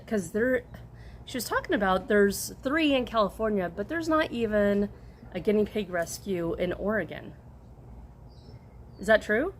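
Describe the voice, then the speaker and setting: Unhurried woman vlogger, easygoing rambling answers, faint room hiss behind. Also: mid-range voice. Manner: unhurried, rambling, chuckles and trails off. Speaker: crochet vlogger answering a tag questionnaire. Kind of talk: casual chat.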